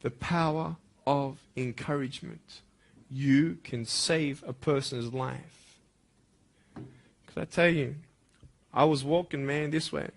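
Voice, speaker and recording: A man giving a motivational speech to school students, impassioned and swinging from soft, intimate lines to loud, emphatic ones. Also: medium pitch, fairly even intonation, a little slow, gravelly.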